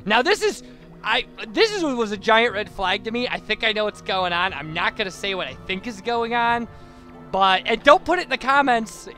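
High, lively young man playing a game. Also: normal speed, faint music behind. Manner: playful, jokey, reads game text in goofy voices. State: stuffy after blowing his nose. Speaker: let's play host. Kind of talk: game commentary reading dialogue aloud.

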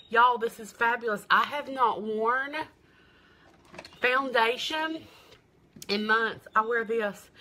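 A middle-aged woman with a drawl runs a live makeup demo, selling as she goes. Her voice sits a little high and rings bright and forceful. She chats and gushes, greeting her viewers by name. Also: slight background noise. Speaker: makeup seller.

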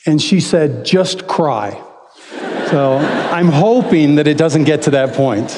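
A man's voice: on the high side, unhurried, background noise. Older man telling a story in a hall. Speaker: speaker at a devotional. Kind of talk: humorous speech anecdote. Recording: echoey hall from far off.

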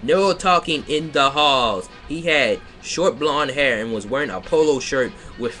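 Over faint background music, a man with a bright, forceful, medium-pitched voice gives a measured comedic dramatic reading of a badly written fan fiction. He keeps breaking off into sarcastic asides, ranting and laughing at it.

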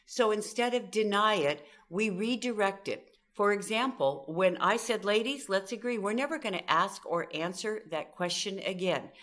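Middle-aged woman from Southern California, animated expert guest, acts out dialogue. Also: medium pitch, moderate pace, few pauses. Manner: animated, acts out quoted voices. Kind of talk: storytelling interview talk.

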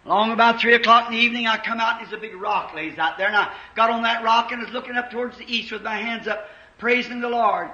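A man preaching a fervent sermon, telling stories and rising to shouts. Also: very high voice, fairly even intonation, quick pace. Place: church. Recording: roomy dull 1950s church recording.

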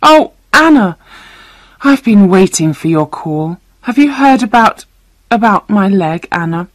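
A woman's voice: mid-range voice, lively intonation, measured pace, dry recording, voice pushed up, lightly acted. A woman reading a storybook voices an anxious, lovestruck injured father. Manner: eager and anxious.

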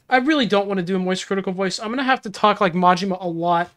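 A woman's voice: mid-range voice, very fast, few pauses. Giggly, rambling woman streamer. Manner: giggly, rambling, easily flustered. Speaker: game streamer. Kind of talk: casual livestream chat.

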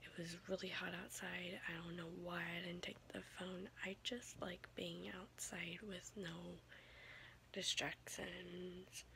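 Sleepy young woman, whispered vlog, slow and gravelly, noisy home recording. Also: fairly low pitch, level tone. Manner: hushed, rambling, trailing off with soft laughs. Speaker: vlogger. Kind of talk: whispered late-night vlog.

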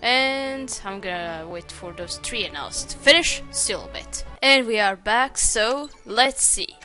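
A woman talks casually while playing a detective video game and laughs at her own slips. Her voice is bright and forceful. Faint game music plays behind her. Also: mid-range voice, animated, unhurried, few pauses. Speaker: gamer. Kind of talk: casual let's play commentary.

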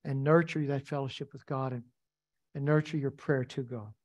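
A man's voice: medium pitch, steady tone, normal speed, a little mellow. A man preaching a sermon as pastor, emphatic and repetitive, asking the congregation rhetorical questions.

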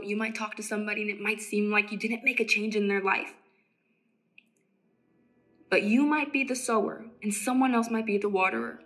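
A Christian evangelist with a mid-range voice preaches casually to the camera. She's emphatic, repeats phrases for stress, and sometimes drops to a hushed near-whisper.

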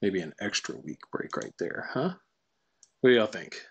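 A man walking through a software tutorial casually, thinking aloud and reading lines out to test them. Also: fairly low pitch, very animated, normal speed, slightly rough, lo-fi sound. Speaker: tutorial presenter. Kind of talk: screen-recorded software tutorial.

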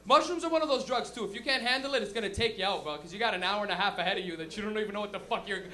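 A young man with a very high, bright voice works a comedy club stage. He tells stories loosely and crudely, full of slang, in an animated stand-up manner. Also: racing.

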